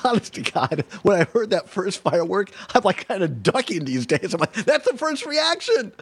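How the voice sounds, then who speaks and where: A man hosts a relaxed chat segment, laughing easily and tripping over his restarts. His voice sits a bit high for a man and swings widely in pitch. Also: brisk, breathy edge, no echo. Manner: animated, laughs often, restarts sentences. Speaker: show host. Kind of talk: casual chat.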